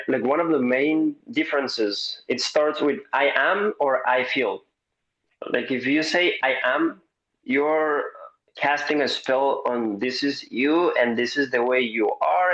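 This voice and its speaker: A man coach in casual roundtable chat, animated and joking, with hesitant restarts and the odd swear. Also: medium pitch, dull audio.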